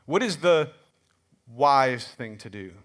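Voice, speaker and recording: A middle-aged man preaching a sermon in a church, telling stories in a conversational, animated way with frequent restarts. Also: medium pitch, takes it slowly. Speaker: pastor. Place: church sanctuary.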